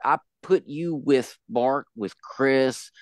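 A man hosting a podcast, joking and talking in a loud, animated way. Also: mid-range voice, takes it slowly, dry recording, studio quality. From United States. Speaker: podcast host. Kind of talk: casual podcast chat.

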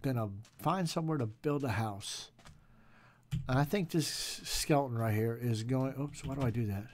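A man's voice: mid-range voice, moderate pace, a little mellow, slight background noise. A man casually commenting on a game he is playing, joking around and tossing in pirate growls. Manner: jokey, playful, growls pirate noises. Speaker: gaming channel host.

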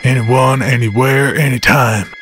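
A man voicing a tense, devoted male cult servant who intones in a flat, mechanical way. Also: medium pitch, a little slow, slight background noise, natural voice. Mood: devout.

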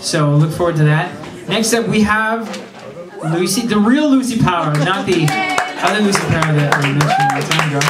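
A man hosting a reading in a bar, casual and joking, rambling with many fillers. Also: high voice. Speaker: host of a reading series. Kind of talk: casual stage introductions. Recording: echoey room, far from the mic. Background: crowd in a bar.

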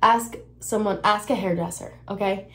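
A woman's voice: mid-range voice, fairly even intonation, normal speed, a bit bright, a little hiss or hum. A young woman chatting casually through a hair tutorial as a beauty vlogger, rambling and self-mocking with lots of fillers. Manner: drifts into whispering at times.

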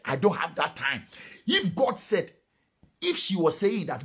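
Emphatic Ghanaian preacher, husky voice. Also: male voice, animated, normal speed, fairly bright tone. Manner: emphatic preaching, switching into Twi, bursts of high exclamations. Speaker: pastor. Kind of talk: sermon.

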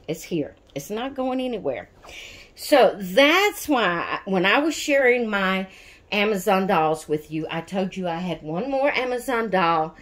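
A woman, chatting in a casual vlog about her dolls, emotional and rambling, often correcting herself. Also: fairly low pitch. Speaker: doll collector vlogger.

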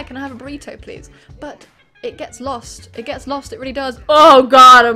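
A woman with an English accent talking in a comedic vlog monologue, goofy and animated, with free swearing. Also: on the high side. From England. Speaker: YouTuber.

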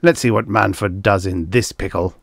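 Male reader doing a sulky, domineering boss: rumbling and petulant, dry close recording. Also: normal speed, gravelly, dry recording. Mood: petulant, bossy. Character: chubby petulant male TV producer, bossy.

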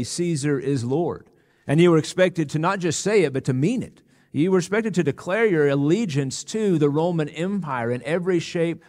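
A man preaching a sermon as pastor, earnest and emphatic, slowing down on key words. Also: mid-range voice, darkish tone. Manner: earnest, emphatic preaching with slow, weighty pauses. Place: church sanctuary. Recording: long reverb of a church hall.

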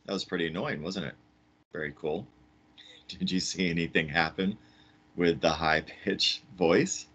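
A man's voice: low voice, a little slow, a bit bright, husky. A man teaching a science lesson for kids in a chatty, upbeat, demonstrating way.

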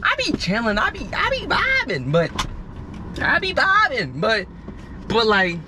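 A man's voice: very high voice, huge pitch swings, measured pace, noisy background. A young man vlogging from a car, telling loose, slangy, rambling stories in casual chat. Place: parked car outdoors.

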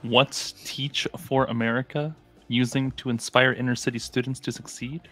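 A man's voice: mid-range voice, steady tone, normal speed, fairly bright tone. A man playing a party card game with friends, reading cards aloud with jokes and frequent laughter. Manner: jokey, laughs a lot, reads cards aloud. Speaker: player. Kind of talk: casual game-night chat.

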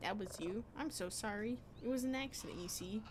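A woman voicing a small, apologetic cat as she reads game dialogue aloud, soft and sorry. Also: medium pitch, a little fast, background noise, close to an everyday voice. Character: small apologetic cat, meek young stray.

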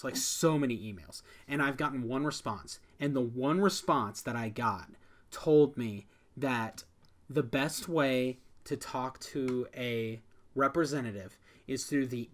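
A man's voice: mid-range voice, fairly bright tone. A young man co-hosting a podcast in casual chat, talking loosely with many fillers. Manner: ranting, frequent "like" fillers. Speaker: podcast co-host.

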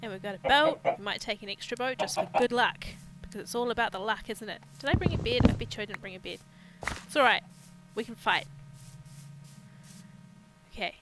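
A woman's voice: fairly high pitch, fairly quick, background noise. A woman hosting a video game let's play with casual, playful commentary, now and then slipping into mock pirate talk. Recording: loud background music.

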